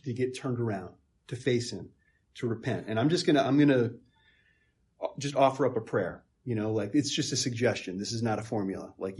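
A man preaching a sermon, emphatic, with repeated words, moving between strong stress and quiet asides. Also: mid-range voice, breathy edge.

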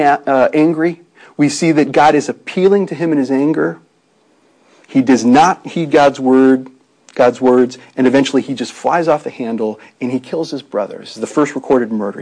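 A man's voice: medium pitch, a little mellow, low-quality recording. A man preaching a sermon in an earnest, conversational way, with frequent restarts and rhetorical questions.

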